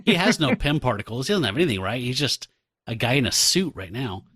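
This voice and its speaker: Brief: animated wry male podcast guest. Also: medium pitch, brisk, breathy edge, dry recording, clean studio sound. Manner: animated, wry, swears casually. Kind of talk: casual chat.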